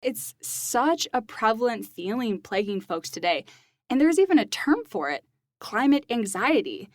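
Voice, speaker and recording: A woman's voice: fairly high pitch, sing-song, measured pace, no room sound, studio quality. A woman co-hosting a lab podcast, reading short semi-scripted segments with an upbeat manner and easy asides. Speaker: podcast co-host.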